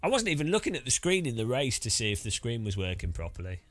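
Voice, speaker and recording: A man's voice: mid-range voice, big pitch swings, fast, faint music behind. A British man chatting casually while setting up racing gear, rambling with many restarts. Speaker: sim racing streamer.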